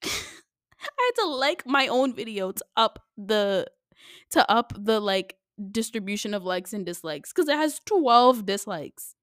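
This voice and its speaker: Young woman podcast host, kinda high voice, rambly and excited, dry close mic. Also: a little slow, no echo. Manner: chatty and animated, lots of "like" fillers. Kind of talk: casual solo podcast chat.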